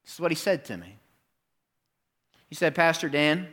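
A middle-aged man preaching a sermon to his congregation in a church, telling a story with lively, animated delivery. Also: normal speed. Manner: animated storytelling, jumps up in pitch for quoted lines. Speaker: pastor. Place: church sanctuary.

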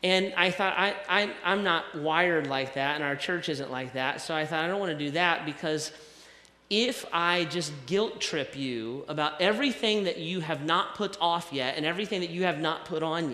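Male pastor, somewhat high, bright voice, conversational preaching, church hall with long reverb. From American South. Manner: conversational, self-deprecating preaching with repetitions. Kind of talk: sermon. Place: church sanctuary.

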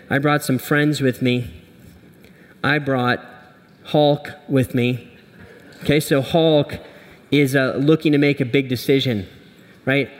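Male pastor, sermon, conversational, humorous, slightly high voice, long hall reverb. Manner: conversational, humorous, asks "right?" often.

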